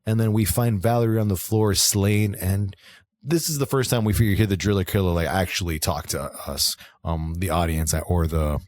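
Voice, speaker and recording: A man's voice: sits low, moderate pace, darkish tone, no room sound, studio quality. A man co-hosting a podcast, recapping a horror film in casual chat, swearing freely and laughing often. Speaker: podcast co-host. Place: moved to Southern California.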